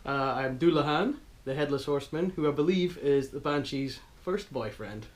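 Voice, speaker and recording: Man player, slightly high voice, casual chat that turns theatrical on read-outs. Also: normal speed. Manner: theatrical when reading lore. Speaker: board game player.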